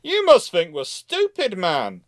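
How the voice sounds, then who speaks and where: A man's voice: sits high, wildly swooping pitch, a little slow, dry recording, studio quality, voice pushed up, heavily acted. A man voicing scornful British naval captains who mock and scold an enemy ship. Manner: mocking and scolding.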